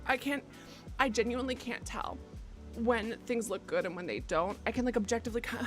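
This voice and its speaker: A woman in her twenties chatting casually to her live-stream audience, rambling and self-mocking, with sudden loud excited bursts. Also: a little high, brisk. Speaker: game streamer. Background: faint background music.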